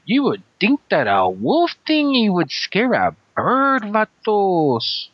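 A man's voice: sits high, wildly swooping pitch, slow, no echo, lo-fi sound, full character voice. A man with a heavy Mexican Spanish accent, joking through a recorded listener message with Spanish slang. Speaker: listener in audio submission.

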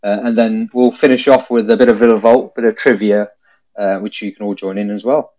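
A man's voice: fairly low pitch, steady tone, brisk, mellow, lo-fi sound. Chatty male podcast host on a phone. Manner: chatty, laughs easily, calls people mate. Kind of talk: casual chat on a phone-in.

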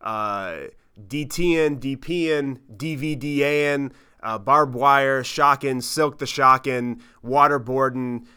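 A man's voice: mid-range voice, takes it slowly, sharp tone, clean tone. A man hosting his podcast, telling a travel story in a casual, profane, self-mocking way. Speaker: podcast host.

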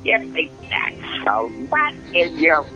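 A man voicing Krang, a pompous alien brain villain who sneers at everyone in a high, scornful voice. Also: wildly swooping pitch, takes it slowly, sharp tone, lo-fi sound, faint music behind, exaggerated voice. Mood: irritated.

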